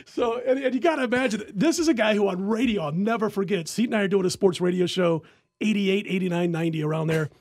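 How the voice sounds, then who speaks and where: A high-pitched man telling a lively story on a sports-betting podcast, laughing as he goes. The sound is dry and close, with no echo. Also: quick pace. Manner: animated storyteller who laughs often. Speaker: podcast host and sports handicapper.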